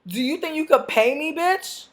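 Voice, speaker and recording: A young woman vlogging a heated storytime rant straight to camera, cursing freely and slipping into the voices of everyone in the story. Her voice sits a little high for a woman, and she swings between shouting and muttering. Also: moderate pace. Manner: loud, profane, animated venting with acted-out dialogue.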